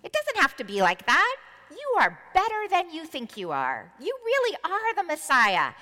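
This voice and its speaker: A woman preacher voicing an impassioned male disciple who insists loudly, in a scolding, emphatic tone, within a sermon. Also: very high-pitched, wildly swooping pitch, normal speed, long reverb tail, voice pushed up, heavily acted. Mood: insistent.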